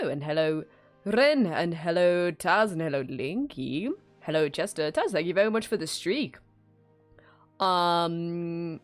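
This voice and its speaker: Low-voiced chatty woman streamer. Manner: chatty, greets viewers by name, laughs often. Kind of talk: casual live-stream chat.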